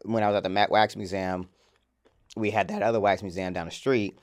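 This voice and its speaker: A man's voice: lowish voice, fairly even intonation, fairly quick. A man co-hosting a chatty podcast, talking loosely with lots of fillers and easy laughter. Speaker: podcast co-host. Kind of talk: casual chat.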